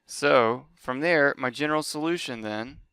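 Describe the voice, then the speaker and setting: A man with a bright, crisp and very clear voice, explaining a lesson step by step. He talks in a patient, methodical way, recorded close and dry with no room sound. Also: mid-range voice, measured pace, no echo. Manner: methodical, talks through each step aloud. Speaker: math teacher. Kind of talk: lecture.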